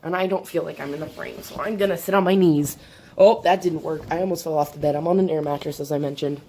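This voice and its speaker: A woman vlogger talking candidly to the camera from her bed, in a halting, hesitant way with many restarts. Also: deep voice, fairly even intonation, mellow, a little hiss or hum. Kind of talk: candid personal talk to camera. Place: bedroom, sitting on an air mattress.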